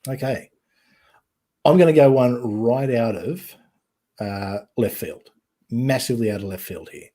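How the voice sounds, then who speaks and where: A man hosting a casual online chat show, rambling and halting with many ums and restarts. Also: medium pitch, warm tone. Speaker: podcast host.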